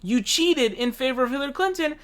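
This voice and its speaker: Male commentary host, high-pitched, heated and profane, casual rant. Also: animated, a little fast, fairly bright tone, smooth.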